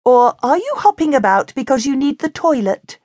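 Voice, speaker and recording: A woman's voice: high-pitched, very animated, moderate pace, darkish tone, dry recording, studio quality, pitched above the performer's own voice. A woman voicing a cheeky, teasing small female fairy penguin in a children's storybook. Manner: teasing, whispering at times.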